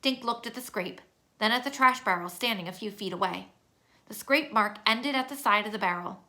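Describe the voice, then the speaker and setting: A woman reading a children's chapter book aloud as narrator, with steady, clear storytelling. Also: medium pitch, fairly quick.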